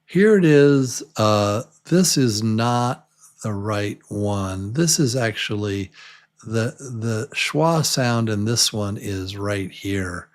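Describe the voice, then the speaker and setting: A man's voice: medium pitch, animated, slow. A man teaching English pronunciation to beginners, patiently repeating each word many times for learners to copy. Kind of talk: slow beginner pronunciation lesson.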